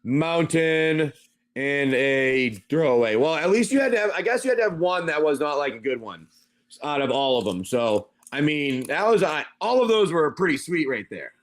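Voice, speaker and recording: On a casual card-opening stream, a male seller chats and rambles, reading out card names and spinning an adventure story as he opens packs. His voice runs fairly high with large pitch swings at a moderate pace.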